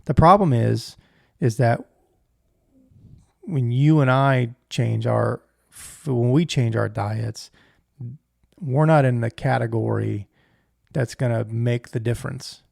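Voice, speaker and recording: A man's voice: medium pitch, slow pace, creaky, dry recording, clean studio sound. A man co-hosting a podcast, giving emphatic opinions with stammering restarts. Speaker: podcast co-host. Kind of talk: casual chat.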